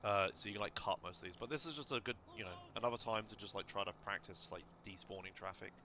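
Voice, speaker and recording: Man, low-pitched, bright tone, casual game coaching, relaxed, filler-heavy. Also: fast, a little hiss or hum. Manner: relaxed, instructive, many fillers. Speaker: streamer coaching a speedrun.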